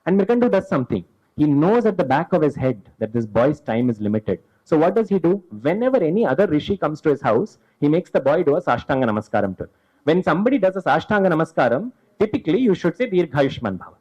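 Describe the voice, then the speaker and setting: Man, live storyteller, expressive, asks and answers his own questions, husky, dull lo-fi recording. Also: mid-range voice.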